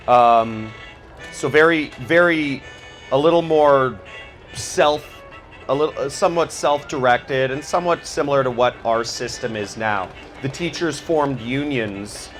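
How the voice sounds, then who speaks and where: A man's voice: mid-range voice, a bit bright. A young adult man giving an informal talk, rambling and filling his sentences with "you know" and "like". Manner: rambling, filler-heavy, frequent "you know" and "like"; acts out quoted people in exaggerated voices. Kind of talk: casual informal lecture.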